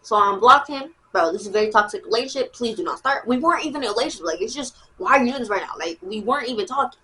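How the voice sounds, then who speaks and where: A woman's voice: fairly high pitch, very fast, slight background noise. A woman vlogger telling a casual storytime to camera, rambling and slangy, retelling events animatedly. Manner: slangy, rambling, peppered with "bro" and "like"; animated retelling with exaggerated quotes.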